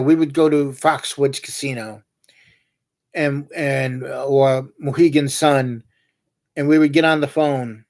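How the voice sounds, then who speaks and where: A man hosting a livestream, chatting casually and telling meandering, joking anecdotes. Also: fairly high pitch. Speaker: livestream host. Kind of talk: casual rambling chat.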